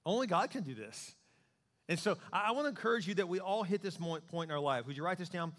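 A male pastor preaching a sermon in a conversational, joking and animated way. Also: high voice, quick pace, big-room sound.

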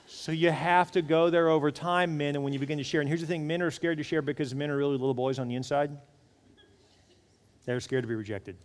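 A man in his forties preaching a sermon as a pastor, animated, acting out the voices he quotes. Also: medium pitch, big-room sound.

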